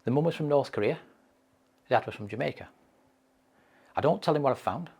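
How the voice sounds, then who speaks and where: A man leads a mental health training session and talks through case stories. His voice is gravelly and husky, and he leans on repeated phrases for emphasis. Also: medium pitch, expressive, fairly quick, darkish tone. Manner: anecdotal, emphatic repetition.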